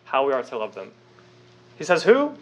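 A man's voice: mid-range voice, huge pitch swings, moderate pace. A young man preaching a sermon, emphatic and conversational, with frequent rhetorical questions. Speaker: pastor.

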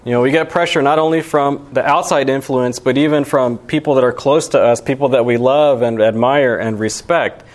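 A man's voice: mid-range voice, fairly even intonation, normal speed, few pauses. A young man giving a sermon as pastor, talking in a casual, conversational way with lots of "you know" and "right". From Alabama.

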